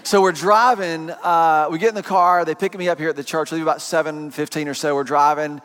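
A man preaching a sermon, telling a personal story in an animated, joking way to his congregation. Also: on the high side, fairly quick, smooth. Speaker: pastor. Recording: long hall reverb.

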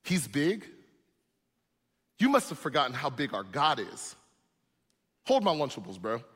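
A man's voice: mid-range voice, huge pitch swings, measured pace, fairly bright tone, slightly rough, in a large hall, full character voice. A man voicing young David as a cocky, brash shepherd who talks in slang.

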